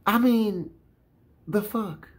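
A man with a fairly high voice rants casually to the camera. He is animated and salty-mouthed and hammers his points through repetition. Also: drawn-out words. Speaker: vlogger. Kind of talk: casual rant.

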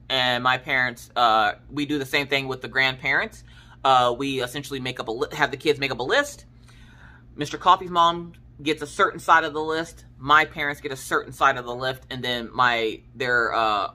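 A woman in her thirties hosting a craft channel, chatting casually and telling family stories in slangy speech, acting out her relatives' lines. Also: extremely low pitch. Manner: animated, slangy, acts out family members' lines. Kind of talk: casual storytelling chat.

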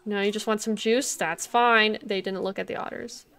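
In casual gameplay commentary on her zoo-building livestream, a young woman thinks aloud and greets chat viewers. Her voice is medium-pitched, steady, fairly bright and clean, at a normal speed.

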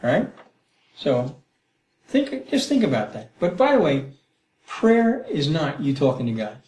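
A middle-aged man teaching the Bible in a conversational way, animated and acting out prayers, often checking in with "Okay?" and "Right?". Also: on the high side, measured pace. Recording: roomy echo.

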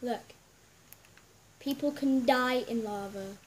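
A woman's voice: on the high side, slow pace, a little hiss or hum. A woman hosting a casual gaming video, giggling and chatting straight to her viewers as she plays. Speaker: gameplay video host.

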